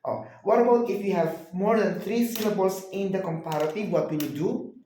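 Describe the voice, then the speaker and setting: A man's voice: sits high, moderate pace, warm tone, slight background noise. Male tutor, patient question-and-answer drilling; roomy echo. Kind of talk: one-on-one grammar lesson. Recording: very echoey room.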